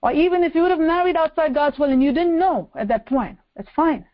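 Female preacher, high register, insistent sermon delivery with repetition and rhetorical questions, muffled recording. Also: a little fast. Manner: emphatic, repeats phrases and asks rhetorical questions.

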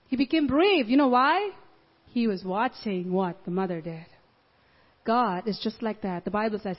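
High-voiced woman preaching in a hall. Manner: animated storytelling, acts out the voices. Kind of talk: sermon. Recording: dull audio in a large reverberant hall.

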